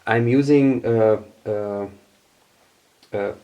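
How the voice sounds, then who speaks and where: This man, whose first language is German, has a smooth voice on the low side, and the recording is muffled. He casually tours his home studio gear, stumbling with fillers and repeats as he reaches for English words.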